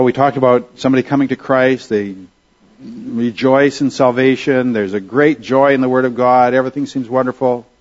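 A man delivers a sermon in a mid-pitched voice, earnest and conversational, often pausing to put questions to the congregation. The recording sounds a little dull and lo-fi. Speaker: pastor.

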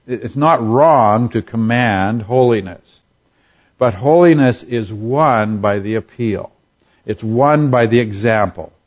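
A man teaching from a Bible passage in a measured, explanatory sermon style, often pausing and restarting as he works through the grammar. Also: lowish voice, a little mellow, muffled recording.

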